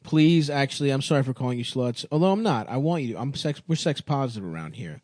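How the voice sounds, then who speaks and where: A man's voice: medium pitch, expressive, fast, darkish tone, dry recording, clean studio sound. Crude, joking male podcast host. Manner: crude, joking, rattles off tour dates. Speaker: podcast host and touring comedian. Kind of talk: casual comedy podcast banter.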